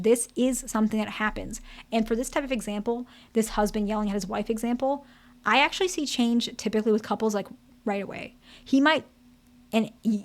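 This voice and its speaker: A woman therapist explaining relationship patterns directly to her audience, with a slightly high voice. She speaks frankly and keeps checking in with "okay?" and "right?" as she goes. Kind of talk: relationship advice talk to camera.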